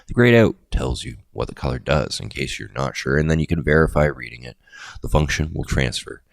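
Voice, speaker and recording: Deep gravelly middle-aged man rambling. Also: lively intonation, a little fast, no room sound. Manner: rambling, jokey asides with chuckles. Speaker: crypto video host. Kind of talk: casual explainer monologue.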